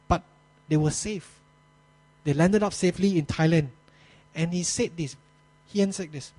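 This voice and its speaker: A man with a high voice preaches a sermon and tells the story slowly, stopping for effect. His grammar slips here and there. A faint mains hum sits under the recording. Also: poor audio. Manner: storytelling with dramatic pauses, non-native grammar slips.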